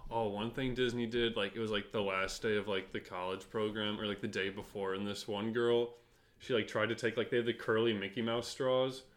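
A young man co-hosting a podcast with a fairly low voice. He jokes and rambles through casual chat, with a lot of "like". He tells stories loosely and keeps the tone light. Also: level tone, fairly quick. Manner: joking, rambling, lots of "like". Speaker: podcast co-host.

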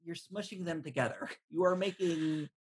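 A game master narrating a tabletop role-playing session in a relaxed way with frequent fillers. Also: medium pitch, normal speed, husky.

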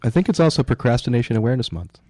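A man's voice: mid-range voice, sing-song, rapid-fire, warm tone, no echo. A man co-hosting a radio show, joking and laughing as he reads out news stories. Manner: jokey, laughs often, reads news items aloud. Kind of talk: casual radio banter.

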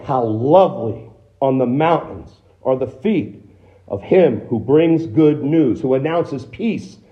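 A man's voice: on the high side, highs cut off. A man with an American accent preaching a sermon as a pastor, in a conversational way with rhetorical questions and restarts. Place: church sanctuary.

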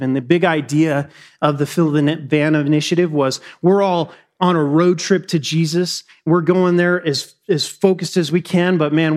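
Male preacher, middle-aged, high-pitched and animated, with sudden shouts and chatty asides. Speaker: pastor. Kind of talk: sermon.

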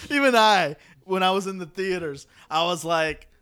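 Young man, casual chat, animated, laughs often, slightly high voice. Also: clean tone. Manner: animated, laughing, quick impressions of film lines. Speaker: podcast co-host.

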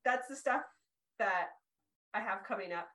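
An excitable woman who chatters happily on a podcast, her enthusiasm spilling into every sentence. Her voice is bright and sharp, at a middling pitch for a woman. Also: a little slow, low-quality recording. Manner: bubbly, excitable, talkative; tears up when excited. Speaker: podcast host. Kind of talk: casual podcast chat.

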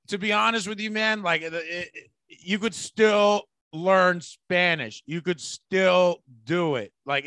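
A man's voice: high voice, sharp tone, dry recording. A man from the Bay Area hosting a podcast, chatting casually, rambling and swearing freely. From San Francisco Bay Area. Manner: profane, rambling, bursts into laughter. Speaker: podcast host.

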